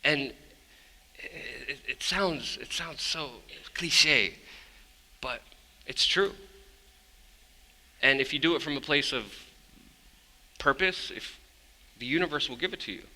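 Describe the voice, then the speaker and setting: A man telling stories on a stage, his voice very bright and cutting. He speaks bluntly and with energy, swears without hesitation, and sounds like a journalist holding the crowd's attention. The long reverb of a large hall follows his words. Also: a little high, slow, pauses often. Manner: lively, blunt, swears casually. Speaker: journalist giving a conference talk. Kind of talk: energetic storytelling speech.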